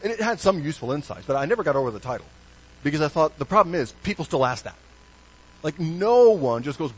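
A man preaching a sermon as pastor, animated, with hushed low stresses and sudden bright emphasis. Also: quick pace, husky, low-quality recording.

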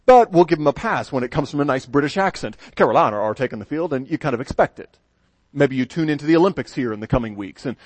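A man's voice: mid-range voice, dry recording. An American man preaching a sermon as pastor, in a conversational, folksy way with asides and restarts. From United States.

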